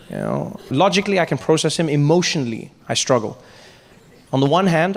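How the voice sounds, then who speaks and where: A South African man performing a stand-up comedy set, telling stories animatedly and acting out voices. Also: a little high. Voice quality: animated storytelling, acts out voices. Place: stage in a large hall with live audience. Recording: live hall reverb with audience noise.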